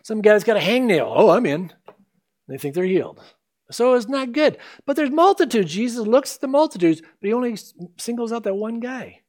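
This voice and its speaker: Animated man preaching a sermon. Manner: emphatic preaching, slowing to stress scripture, swinging pitch. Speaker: pastor.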